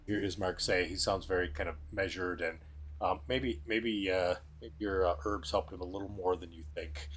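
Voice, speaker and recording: A man's voice: deep voice, steady tone, moderate pace, a bit bright. A man narrating a tabletop game as game master, describing scenes in a loose, descriptive way.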